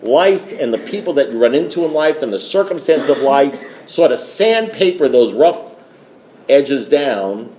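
A man with a mellow, darker voice gives a rambling, joking recovery talk. He circles back and repeats his words. The room sounds echoey, with a faint hiss behind him. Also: mid-range voice, lively intonation, measured pace. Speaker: speaker at a recovery meeting.

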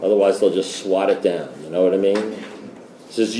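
A man's voice: low-pitched, normal speed, dark tone, reverberant, slight background noise. A man telling a rambling, joking story at a recovery meeting. He repeats himself as he goes.

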